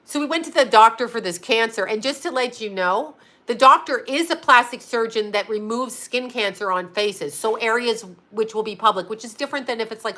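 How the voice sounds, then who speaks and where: A woman vlogger tells a story straight to her viewers. Her voice is fairly high and bright, with a forceful edge. She talks casually and swears freely. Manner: animated, profane, laughs often.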